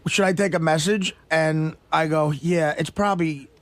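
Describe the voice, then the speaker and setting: A man's voice: fairly high pitch, fairly even intonation, normal speed, no room sound. A man on a radio show, telling a rambling, profane story and laughing as he goes. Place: radio studio.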